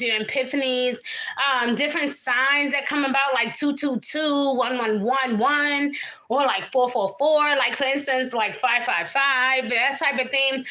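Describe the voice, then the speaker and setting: High bright chatty woman tarot reader. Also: poor audio. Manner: chatty, swears casually, acts out quotes. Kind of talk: live tarot reading.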